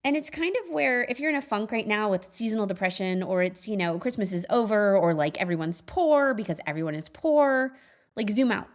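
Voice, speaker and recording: A woman's voice: mid-range voice, animated, fairly quick. A woman in her thirties hosting a podcast alone, talking in a chatty, earnest way with many fillers and frequent small laughs. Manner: reflective, earnest. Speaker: podcast host. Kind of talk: casual solo monologue.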